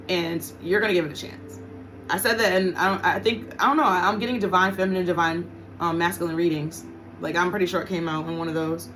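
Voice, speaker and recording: A woman's voice: fairly low pitch, noisy background. A woman giving a casual tarot reading to her viewers, blunt and profane, often repeating her points for emphasis. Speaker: tarot reader.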